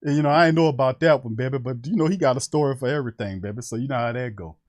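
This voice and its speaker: A man hosting a casual sports talk show, animated and conversational, speaking to fans as family. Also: mid-range voice, rapid-fire.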